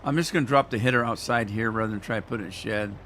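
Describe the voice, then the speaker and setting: A man's voice: fairly low pitch, quick pace, a bit bright, a little hiss or hum. A man hosting a gaming channel, chatting casually and rambling in a folksy way while he plays. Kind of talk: casual let's-play commentary.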